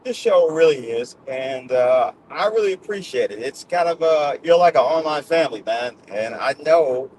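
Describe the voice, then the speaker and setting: A man's voice: a little high, lively intonation, normal speed, hardly any pauses, darkish tone, slight background noise, low-quality recording. A middle-aged man hosting his own show, talking to his audience in a loose, rambling way, laughing often and tagging "man" onto his sentences. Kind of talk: casual rambling monologue.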